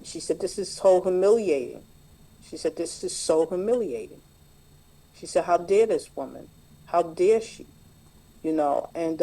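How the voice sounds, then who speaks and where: Middle-aged woman, mellow voice, reflective personal share at a group meeting. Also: sits low, poor audio. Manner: plain, reflective storytelling with many fillers. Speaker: meeting member sharing.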